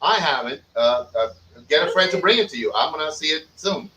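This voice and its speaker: A man's voice: on the high side, lively intonation, fairly quick, bright, forceful tone, slight background noise. Joking man hosting a casual cigar chat. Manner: joking, profane, rambling with many fillers. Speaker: podcast host. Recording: roomy echo, far from mic.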